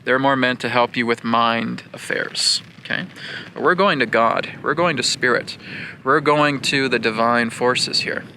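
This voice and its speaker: Bright-voiced man teaching spiritual technique. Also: medium pitch, a little slow, slight background noise. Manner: earnest, repetitive, often checks in with "okay?".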